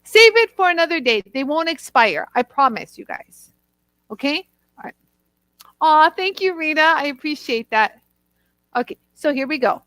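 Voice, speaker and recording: High-voiced chatty woman hosting live. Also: very animated, moderate pace, no room sound. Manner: warm and chatty, talks straight to viewers in the chat. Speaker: host of a live product show. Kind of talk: chatty live-stream product demo.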